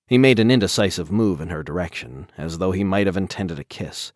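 Deep-voiced man narrating a dark audiobook. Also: brisk, hardly any pauses, no room sound, studio quality.

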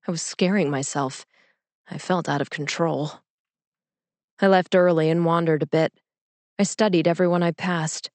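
A young woman with a low voice narrates a personal story in a calm, measured, inward-looking way. The recording is close and dry, with no room sound. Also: no echo. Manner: calm, measured, introspective reading. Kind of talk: audiobook reading of a personal story.

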